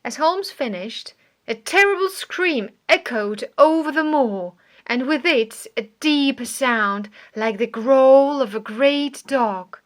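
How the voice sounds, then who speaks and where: A woman narrating an audiobook in a slow, careful reading manner. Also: sits high, lively intonation.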